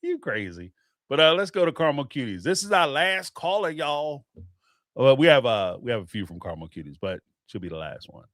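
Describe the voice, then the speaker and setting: A man hosting a reality-TV podcast, talking in an animated, profane way and laughing often. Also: mid-range voice, a little fast, no room sound, studio quality. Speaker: podcast host. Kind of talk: casual reaction commentary.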